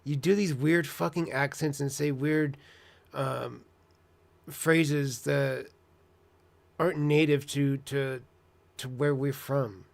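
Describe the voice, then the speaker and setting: A man casually reacting to a clip, blunt, profane and halting, sounding uneasy. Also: mid-range voice, fairly even intonation, creaky. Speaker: host reacting to clips.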